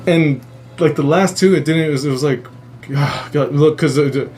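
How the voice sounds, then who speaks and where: A man hosting a live stream, casually retelling a story in a rambling, animated way and swearing a lot. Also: a little high, normal speed, a little hiss or hum. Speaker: livestream host.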